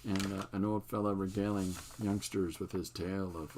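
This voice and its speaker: Older man, low relaxed rambling voice. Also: normal speed, hardly any pauses, slight background noise. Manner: relaxed, meandering, self-amused. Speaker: artist and channel host. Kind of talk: casual show-and-tell livestream.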